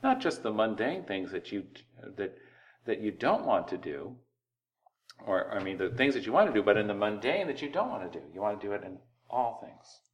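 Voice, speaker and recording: A man preaching a sermon, lively and conversational, drawing words out for emphasis and acting out everyday voices. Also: fairly low pitch. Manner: animated preaching, slows words for emphasis and acts out quoted voices. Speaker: pastor.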